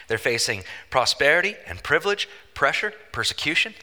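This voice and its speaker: A man preaching a sermon as pastor, emphatic and animated, with joking asides. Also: mid-range voice, measured pace. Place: church sanctuary. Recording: long church-hall reverb.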